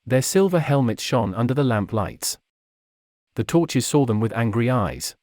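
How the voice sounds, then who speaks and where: A man reading a fantasy story aloud in a steady, measured way. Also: mid-range voice, no room sound, studio quality. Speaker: narrator. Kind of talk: storybook narration.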